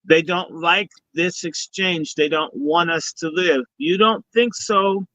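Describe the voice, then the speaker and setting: Bright-voiced man preaching on a call. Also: a little high, takes it slowly. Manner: preachy, blessing-style, profane. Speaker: guest speaker and summit organizer. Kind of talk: casual live-stream talk. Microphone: video call. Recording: dull lo-fi stream audio.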